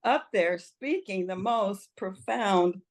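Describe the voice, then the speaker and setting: A woman's voice: mid-range voice, animated, takes it slowly. An older woman telling her personal story in an interview, earnest and emotional, laughing often as she speaks. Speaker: interview guest. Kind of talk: personal testimony in conversation.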